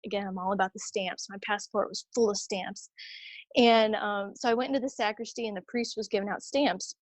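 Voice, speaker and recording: A religious sister telling a personal story in a conversation, animated and chatty, acting out what others said. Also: female voice, medium pitch, a little fast, no room sound. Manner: animated, acts out quoted voices; chatty, many fillers and restarts.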